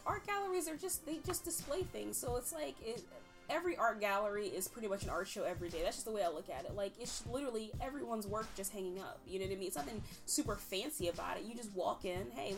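A woman co-hosting a relaxed podcast, talking quickly and stringing thoughts together with constant "like" and "you know". Her pitch sits in an ordinary middle range, and music plays clearly behind her. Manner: rambling, heavy use of "like". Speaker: podcast co-host. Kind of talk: casual chat.

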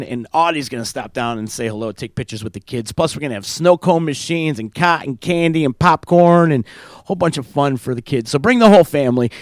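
A man hosting a live radio podcast, reading sponsor spots and chatting in a loud, jokey, hyped way. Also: fairly high pitch, no echo. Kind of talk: casual live show chat with sponsor reads.

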